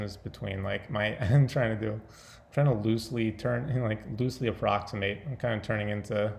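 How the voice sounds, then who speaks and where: Rambling man with a gravelly low voice. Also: steady tone, normal speed, a little hiss or hum. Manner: rambling, self-interrupting, laughs often. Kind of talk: casual vlog monologue.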